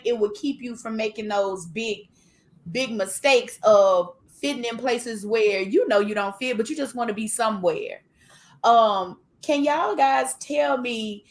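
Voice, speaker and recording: A middle-aged woman hosting a podcast, chatting casually and asking her guests questions in a colloquial way. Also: a little high. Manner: warm conversational questioning, colloquial. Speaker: podcast host. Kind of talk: casual chat.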